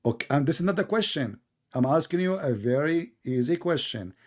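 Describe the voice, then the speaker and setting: A man's voice: on the high side, expressive, a little fast. A man hosting a debate, speaking combative, sarcastic English that is not his first language. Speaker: debate host. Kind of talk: mocking religious debate.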